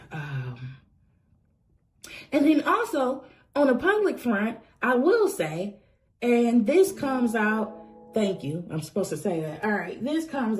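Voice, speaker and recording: A woman giving a casual tarot reading, talking bluntly and sassily with profane, preachy asides. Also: medium pitch. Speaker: tarot reader.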